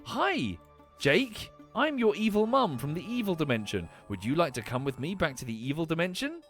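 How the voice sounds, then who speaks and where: A man's voice: a little high, big pitch swings, moderate pace, fairly bright tone, soft background music. A man voicing a scheming evil mother who coaxes in a sing-song, falsely sweet tone. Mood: coaxing.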